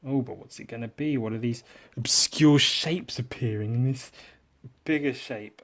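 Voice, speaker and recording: Speaking at a normal speed in a mid-range voice, a man with an English accent hosts a drawing podcast. His chat is loose and rambling, sarcastic and self-deprecating, and he tends to trail off softly.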